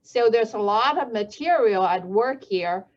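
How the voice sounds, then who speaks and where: A woman with a Chinese first language, a helmet safety researcher, explaining things slowly and carefully, with frequent fillers and self-corrections. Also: on the high side, lively intonation, darkish tone. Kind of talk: explanatory talk. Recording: dull lo-fi audio.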